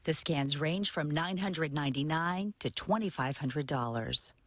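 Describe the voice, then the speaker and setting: A woman anchor reads a scripted television news report. Her voice sits a little low, and her delivery is even and clear. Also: measured pace, slight background noise.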